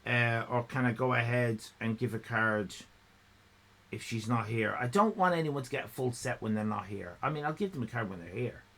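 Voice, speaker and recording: A man's voice: medium pitch, moderate pace, fairly bright tone. A man hosting a live stream in casual chat, rambling, laughing and thanking viewers. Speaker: livestream host.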